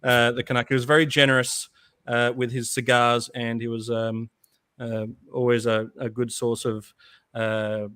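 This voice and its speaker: A man's voice: medium pitch, flat delivery, normal speed, fairly bright tone, clean tone, no echo, clean studio sound. A man co-hosting a casual podcast chat, rambling with frequent laughs and restarts. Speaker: podcast co-host.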